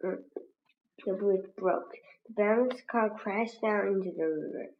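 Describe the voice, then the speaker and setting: A woman slowly reading a children's book aloud as a lesson, with pauses and small hums. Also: mid-range voice, highs cut off, a little hiss or hum. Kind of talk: slow read-aloud lesson.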